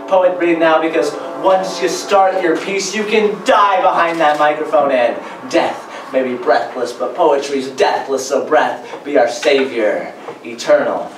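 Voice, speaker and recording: A man's voice: fairly high pitch, noisy background. Man reciting spoken word in an echoey hall. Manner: rhythmic, emphatic delivery. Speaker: poetry recitation contestant. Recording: echoey hall, distant mic.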